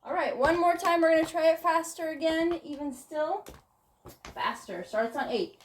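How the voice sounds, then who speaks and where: A woman teaching tap dance, calling out steps and counts in a brisk, encouraging way in her studio. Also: extremely high pitch, distant mic, background noise. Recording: echoey studio with loud tap clicks.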